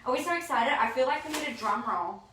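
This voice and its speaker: Woman, casual vlog host, excitable and gushing, voice slightly high. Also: quick pace, slight background noise. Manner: gushing and excitable, bursts of squealing. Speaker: host unboxing her own book. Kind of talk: casual live video chat. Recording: roomy echo.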